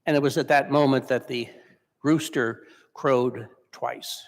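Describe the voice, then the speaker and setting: Man, pastor, sermon, slow, conversational storytelling, long church reverb. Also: mid-range voice, fairly even intonation. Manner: conversational storytelling, self-correcting.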